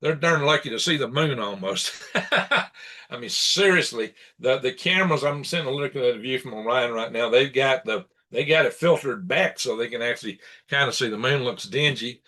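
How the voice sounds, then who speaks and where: Bright-voiced man ranting on a live stream. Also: mid-range voice, moderate pace. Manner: aggravated, rambling rant with chuckles. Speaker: live-stream show host. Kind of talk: casual live-stream commentary. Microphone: computer setup for live broadcast.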